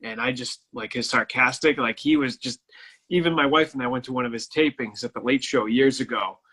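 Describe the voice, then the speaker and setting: A man's voice: medium pitch, fairly quick, pushed and bright, slightly rough. A man guesting on a casual comedy video chat, wry and self-deprecating, laughing at his own jokes.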